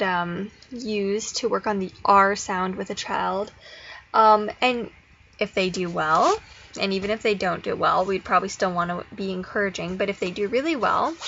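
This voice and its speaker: A woman explaining speech therapy activities in a casual, encouraging way. She slows into a sing-song when she models phrases. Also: medium pitch, fairly bright tone. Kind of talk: instructional explanation with modeled child-directed prompts. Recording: slightly dull audio with faint noise.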